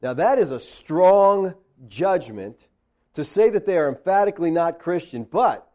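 Animated preacher man, slightly high voice. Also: measured pace, highs cut off. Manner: animated, sarcastic asides, questions to the audience. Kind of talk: conversational sermon-style teaching.

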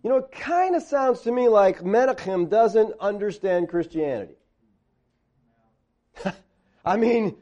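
A man preaching in a conversational teaching style, animated, tossing sarcastic asides and questions to his listeners. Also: high-pitched, measured pace, pauses often, muffled recording.

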